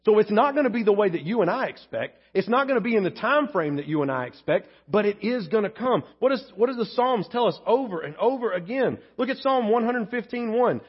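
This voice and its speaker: Male pastor, sermon, emphatic, candid, joking, husky voice, dull lo-fi recording. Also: sits high, lively intonation, a little fast, hardly any pauses.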